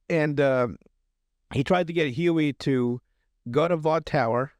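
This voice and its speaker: A man's voice: a little high, takes it slowly, a little mellow, no echo. Man, podcast host, rambling casual recap, filler words, dry close mic. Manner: rambling with many fillers and restarts, laughs often.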